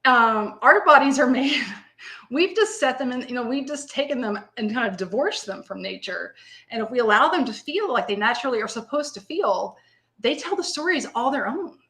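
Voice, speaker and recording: A woman's voice: fairly high pitch, expressive, normal speed, pushed and bright. A woman in her fifties in casual live-stream podcast talk, rambling and conversational, often laughing. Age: 50s.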